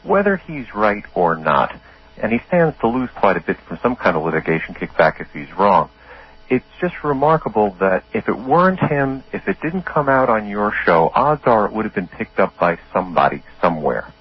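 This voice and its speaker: A man's voice: fairly low pitch, sing-song, normal speed, breathy edge. A man calling in to a radio show who makes an earnest, rambling point. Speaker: caller. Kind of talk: call-in comment. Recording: dull lo-fi call-in sound.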